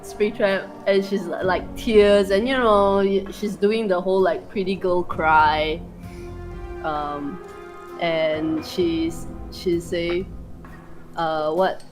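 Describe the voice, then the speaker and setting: A woman's voice: lowish voice, fairly even intonation, slow pace, low-quality recording. A woman talks her way unhurriedly through a horror tabletop game, giggling as she describes her character. Faint music sits under her voice. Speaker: player. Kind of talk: casual tabletop role-play.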